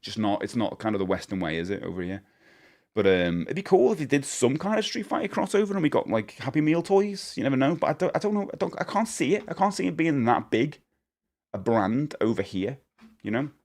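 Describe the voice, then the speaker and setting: A man's voice: medium pitch, very animated, a little fast, a little mellow. A man chatting casually to his live-stream viewers. He rambles and corrects himself as he goes, and he laughs often. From United Kingdom.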